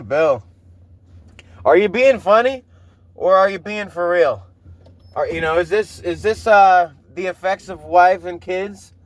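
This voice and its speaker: A man hosting a solo podcast, ranting in a profane, rambling way with lots of fillers and mocking asides. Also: a little high. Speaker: podcast host.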